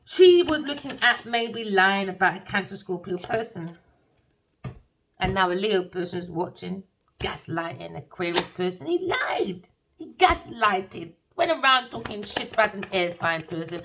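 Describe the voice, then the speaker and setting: A woman's voice: medium pitch, very animated, measured pace, a bit bright, a little hiss or hum. A woman doing a tarot reading as a scornful, sarcastic rant, swearing and calling people darling. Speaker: tarot reader.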